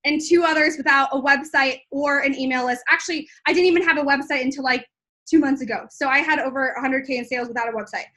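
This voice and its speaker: Bubbly high-voiced woman business coach. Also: quick pace. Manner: gushing, excited, many likes and ums. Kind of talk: live-streamed sales talk.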